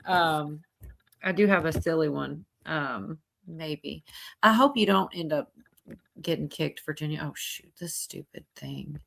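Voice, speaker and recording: A woman's voice: sits low, a little slow, creaky, a bit bright. A woman hosting a casual livestream. She reads out chat comments, laughs often and swears casually. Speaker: livestream host.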